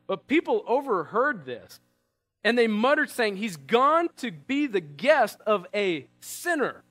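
Male pastor, high and lively delivery, sermon with rhetorical questions. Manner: animated, conversational preaching with rhetorical questions.

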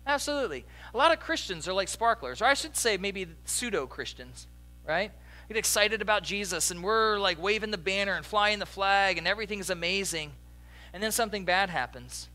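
A young adult man preaching a sermon as a pastor, in a conversational, animated storytelling way with asides to the congregation. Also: high voice, normal speed.

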